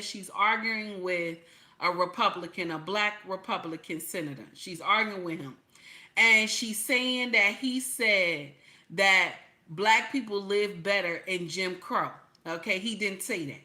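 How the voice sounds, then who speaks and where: A woman with a bright, ringing voice talks back at the clips she plays. She curses freely and hammers each point by saying it twice or three times, in the loose flow of casual commentary. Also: medium pitch. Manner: blunt, cursing, repeats herself for emphasis. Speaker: reaction channel host. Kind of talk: profane commentary over clips.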